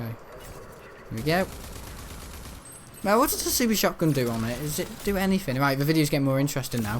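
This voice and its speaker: Against a noisy background, a gaming channel host from north-west England rambles jokily over a video game in a medium-pitched voice. He keeps dissolving into giggles during the casual gameplay commentary.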